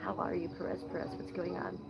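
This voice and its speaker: A woman's voice: lowish voice, level tone, fast, gravelly, darkish tone, rough recording. A woman from Ohio hosting a casual livestream, reading chat comments outdoors at night, blunt and playfully profane. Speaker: livestream host.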